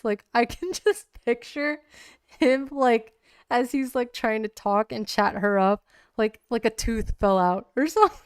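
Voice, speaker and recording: A woman's voice: a little high, measured pace, smooth, dry recording, clean studio sound. A woman streaming a solo tabletop game, narrating casually with many likes and ums. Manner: rambling, full of likes and ums, giggly.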